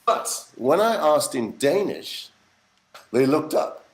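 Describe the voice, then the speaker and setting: Middle-aged man telling lively anecdotes. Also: fairly high pitch, slow pace, low-quality recording. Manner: animated anecdotes with acted-out quotes and swearing. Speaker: voice actor guest. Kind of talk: casual interview storytelling.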